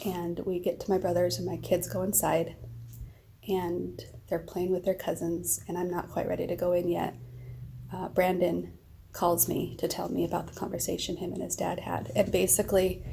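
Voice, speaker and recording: A middle-aged woman with a heavily gravelly, creaky voice pours out a personal story to a friend. Her tone is low and mellow. She rambles casually from one detail to the next. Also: monotone, normal speed, a little hiss or hum. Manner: rambling, emotional retelling. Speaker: vlogger.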